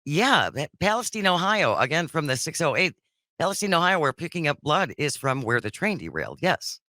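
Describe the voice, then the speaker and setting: Radio co-host, woman, bright and animated, opinionated talk, dry studio sound. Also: low voice, dry recording. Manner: lively, quick to laugh, opinionated.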